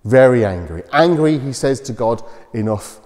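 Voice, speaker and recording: Guy doing the kids talk at church, bit higher voice, mellow, big echoey church sound. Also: normal speed. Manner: animated storytelling with simple explanations. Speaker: preacher giving a children's talk. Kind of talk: children's talk retelling a Bible story. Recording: long church reverb.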